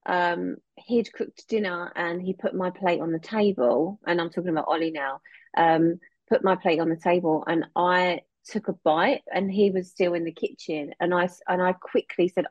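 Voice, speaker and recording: A woman's voice: on the low side, lively intonation, moderate pace, darkish tone, no echo. A woman, a counselling guest, speaking earnestly and candidly in casual conversation. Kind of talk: casual chat. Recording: dull, dry close mic.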